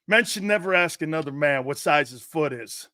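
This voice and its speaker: High, bright-voiced mocking sports talker. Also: male voice, animated, normal speed, no room sound, studio quality. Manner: crude, sarcastic, mimics others in jeering voices; laughs often, jumps between loud outbursts and low mutters. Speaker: sports commentator.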